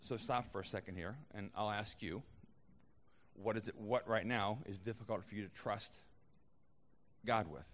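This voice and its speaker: A man's voice: lowish voice, moderate pace. Conversational man preaching in a reverberant hall. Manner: conversational preaching with frequent restarts and fillers. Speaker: pastor. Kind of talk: sermon.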